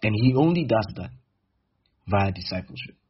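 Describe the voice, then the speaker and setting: A man's voice: lowish voice, expressive, normal speed, husky, muffled recording. A man preaching a sermon emphatically, acting out little dialogues between people as he teaches.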